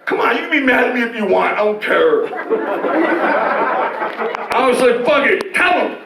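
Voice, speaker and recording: A man with a high voice tells a candid, profane story from his own life, and his telling turns loud and shouting at the dramatic turns. He sounds distant from the microphone in a roomy, echoing space with a faint noise floor. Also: moderate pace, vocal fry, a loud crowd. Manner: animated, swings to shouting when retelling dramatic moments. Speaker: storyteller guest.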